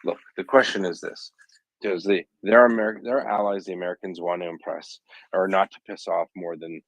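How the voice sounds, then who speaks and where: Deep-ish man, lively and argumentative. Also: a little fast, gravelly, no echo, low-quality recording. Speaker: guest commentator. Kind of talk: casual online discussion.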